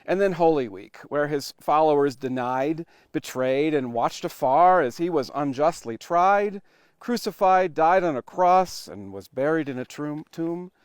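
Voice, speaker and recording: A male pastor preaches a sermon in a fairly high voice, recorded close and dry. He tells the story in measured, paced phrases. He builds to loud emphasis and then drops to hushed, almost whispered lines. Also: animated, clean tone, no echo. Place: church online worship recording.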